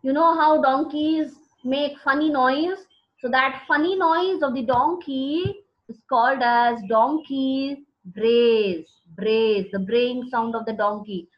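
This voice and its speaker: Brief: woman teaching a class, high voice, patient repetition, dull lo-fi sound. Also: steady tone. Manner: slow, repeating key words for students. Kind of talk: classroom vocabulary lesson. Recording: dull lo-fi recording.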